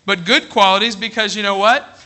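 A man preaching a sermon to his congregation, often asking whether they are ready and reading scripture aloud more slowly and quietly. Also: high-pitched. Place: church congregation.

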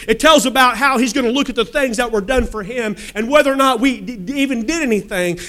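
A man's voice: very high-pitched, fairly bright tone. A man preaching an emphatic sermon, reading scripture and pressing the congregation with questions and calls for amen.

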